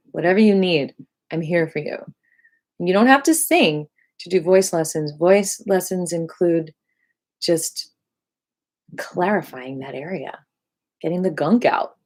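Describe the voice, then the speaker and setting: Slow, soothing woman leading qigong. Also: low voice. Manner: soothing, slow, affirming guidance with sudden loud bursts. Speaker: qigong and voice teacher. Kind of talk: guided qigong class, livestreamed.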